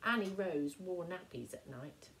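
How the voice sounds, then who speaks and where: A woman primary school teacher reading a picture book aloud to young children, with slow, expressive storytelling. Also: lowish voice, rough recording.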